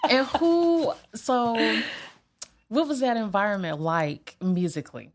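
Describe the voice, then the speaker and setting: A woman hosting a casual interview, easygoing and quick to affirm her guest. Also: fairly high pitch, big pitch swings. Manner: easygoing, affirming with short backchannels. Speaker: podcast host.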